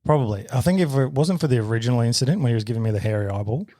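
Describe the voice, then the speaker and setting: A man's voice: medium pitch, rapid-fire, no echo. Aussie guy in his 30s ranting a story on a podcast, lots of swearing, dry close sound. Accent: Australian. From Australia. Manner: sweary, animated retelling with shouted quotes. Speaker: podcast co-host. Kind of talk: casual storytelling.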